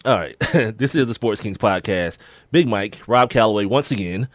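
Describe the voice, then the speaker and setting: A laid-back man co-hosts a sports podcast, his low voice close to the mic and dry. He speaks, chuckling as he works through the day's listings. His delivery is loose and unhurried. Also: expressive, no room sound. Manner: laid-back, laughs often, reads listings with slips. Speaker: podcast co-host. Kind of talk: casual sports podcast chat.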